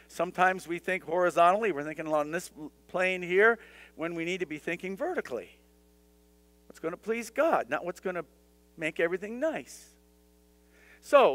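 A man's voice: high voice, a bit bright, no echo. A male pastor teaching a Bible study in a conversational way, with humorous asides and dramatized scripture voices.

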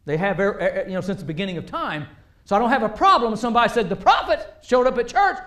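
This fast-talking preacher has a high voice that rings around the echoey sanctuary as he gives his sermon. His delivery swings between forceful, loud emphasis and hushed asides, keeping things animated.

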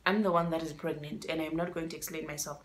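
A woman voicing her cold, dismissive young ex-girlfriend in a quiet, low, flat voice. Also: fast, heavy background noise, natural voice.

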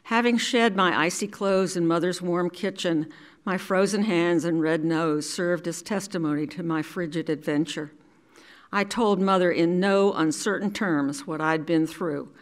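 An older woman from New York City reads her own memoir aloud. Her voice sits notably low and unhurried. She tells the story in a measured, deliberate way. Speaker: resident reader.

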